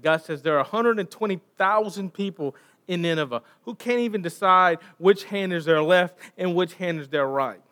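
A man's voice: sits high, normal speed, a bit bright. A man preaching a sermon, retelling a Bible story and posing rhetorical questions to his listeners.

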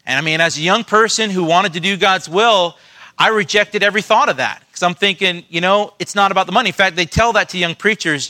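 A male pastor with a high, bright and forceful voice preaches a sermon in church. He talks in an earnest, animated way, and his sentences often stumble and start over as he tells stories. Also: fairly quick. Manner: earnest, animated storytelling with frequent restarts.

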